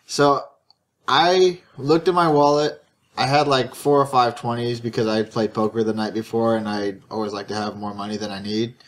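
A man chatting casually on a podcast, circling through a long story and restarting his sentences. His voice sits at an ordinary middle pitch for a man. He talks like he is among friends. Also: fairly even intonation, moderate pace. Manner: rambling storyteller, frequent restarts and stammers. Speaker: podcast co-host. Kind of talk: casual chat.

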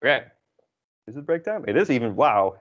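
A man teaching a beginner Dutch class, explaining in a relaxed, chatty way with many fillers. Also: medium pitch, fairly quick. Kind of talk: casual classroom lesson. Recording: dull lo-fi recording.

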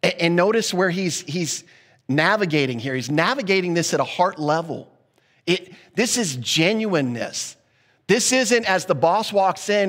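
A man preaches with earnest, conversational energy, circling back and restarting phrases as he works through a point. His voice sits fairly high for a man. The sound rings with the long reverb of a large hall. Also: animated, unhurried, fairly bright tone. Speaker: pastor. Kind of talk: sermon.

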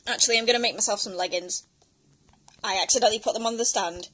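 A woman's voice: mid-range voice, quick pace, a bit bright, slightly rough. A young woman hosting a casual gameplay chat, laughing often as she plays. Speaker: host.

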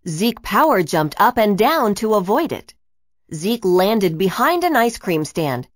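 A woman narrating a children's storybook in an expressive, animated reading. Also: medium pitch, unhurried, dry recording, clean studio sound.

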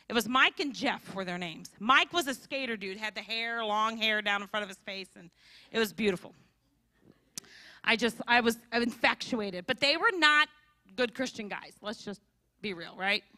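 A woman giving a storytelling sermon at a church conference, animated and acting out the people in her story. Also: fairly high pitch, dry recording. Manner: animated, acts out characters' voices. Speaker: conference speaker. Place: church hall.

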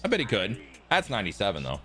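A young man commentating his own video game in a casual way, his voice leaping from mumbled asides to sudden loud yelps. His tone is bright and forceful, and faint game music plays underneath. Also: fairly low pitch, quick pace, husky. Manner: excitable, swings from loud outbursts to mumbling asides; self-deprecating jokes. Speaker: gaming YouTuber.

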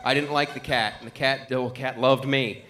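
A male stand-up comedian telling a story with lively, animated delivery and laughing asides. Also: mid-range voice, normal speed. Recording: live club recording.

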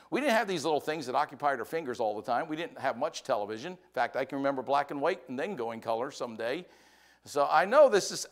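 An older American man delivers a sermon in a folksy storytelling way. His voice sits a little high for a man and leaps up and down constantly, rising sharply whenever he gets excited. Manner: folksy storytelling with lively swings in pitch and volume. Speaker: pastor.

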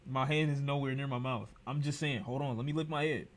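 A man streaming and reacting to a clip in animated, profane casual chat, often breaking into laughter. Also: medium pitch, a little fast.

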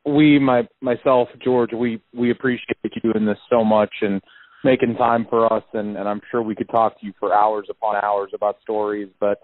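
A man's voice: on the low side, level tone, normal speed, dry recording. A man hosting a podcast interview, who stammers and repeats words as he starts his questions. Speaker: podcast host. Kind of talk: casual interview. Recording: phone-like narrow sound.

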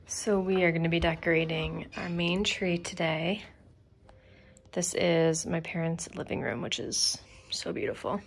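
A woman's voice: lowish voice, a little slow, gravelly. A young woman from Syracuse, New York, chatting in an upbeat, casual vlog at her parents' house on a handheld camera. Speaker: vlogger.

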